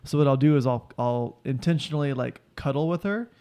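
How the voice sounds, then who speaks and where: A young man guests on a casual podcast, speaking at an ordinary, mid-range pitch. He jokes around and tells stories loosely, with plenty of fillers along the way. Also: fairly quick, warm tone, smooth. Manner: joking, loose storytelling with many fillers.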